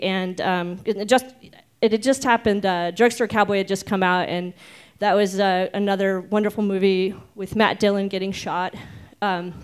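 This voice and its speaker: A woman's voice: mid-range voice, steady tone, moderate pace, smooth. A woman in her forties from Oregon telling a personal story live on stage, chatty and self-mocking, with many ums. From Oregon, United States. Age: 40s.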